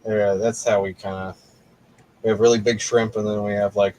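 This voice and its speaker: A man's voice: lowish voice, level tone, moderate pace, mellow, slight background noise, low-quality recording. A man telling a rambling story in casual chat, swearing constantly and laughing a lot.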